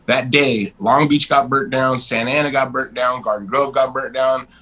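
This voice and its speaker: A man in his forties, a guest in a casual interview, telling stories in a blunt, animated way and swearing freely. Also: mid-range voice, moderate pace, low-quality recording.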